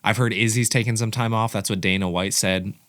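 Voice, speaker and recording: A man giving casual, excitable commentary as the host of a fight reaction channel, rambling and correcting himself as he goes. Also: lowish voice, a little fast, dry recording, studio quality.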